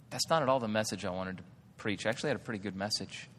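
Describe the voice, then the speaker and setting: A man preaching a storytelling sermon, animated, swinging from hushed asides to loud excited bursts. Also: fairly low pitch, very fast, slight background noise. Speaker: pastor. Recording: long hall reverb.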